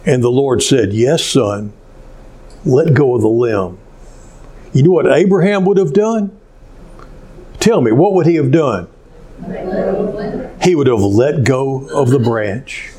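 A male pastor preaching a sermon, telling stories in an unhurried way with many pauses. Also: medium pitch, darkish tone.

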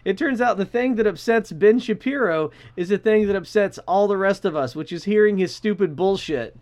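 A man with a high voice co-hosts a podcast in loose, casual chat. He swears freely and keeps a dry, sarcastic edge. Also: moderate pace, darkish tone. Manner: laid-back and profane, with dry sarcasm. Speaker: podcast co-host.

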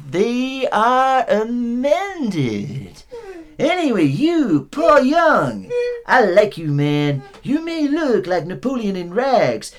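A performer impersonating an older male folk-rock singer in a comedy sketch, with a nasal, slurred drawl, calling everyone "man". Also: mid-range voice.

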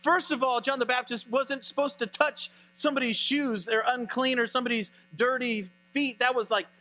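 A male pastor preaching a sermon in an animated, conversational way. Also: extremely high pitch, normal speed, faint music behind.

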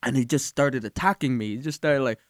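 A young man who manages a shoe store, telling stories in a casual chat, animated and swearing freely as he acts out the customers. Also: mid-range voice, a little fast, no room sound, clean studio sound.

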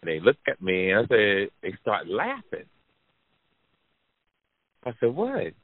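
Low-voiced guy telling a wild story on a podcast, cussing a lot, dry tinny phone-like sound. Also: measured pace, breathy edge, no echo. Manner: animated, profane, repeats for emphasis. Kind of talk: casual storytelling to an audience.

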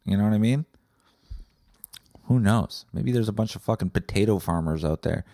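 A young Canadian man hosting a comedic solo podcast, rambling and swearing with deadpan asides. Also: lowish voice, moderate pace, gravelly, dry recording, studio quality. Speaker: podcast host.

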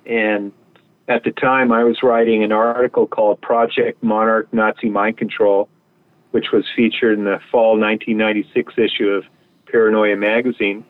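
A man's voice: on the low side, little pitch movement, normal speed. A male guest telling stories in a rambling, casual way. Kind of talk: anecdotal storytelling. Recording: tinny phone line.

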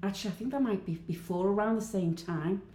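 Actress, lively raconteur, acts out every line; echoey room, faint hum. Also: female voice, mid-range voice, fast. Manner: animated storyteller, acts out dialogue. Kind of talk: interview guest chat.

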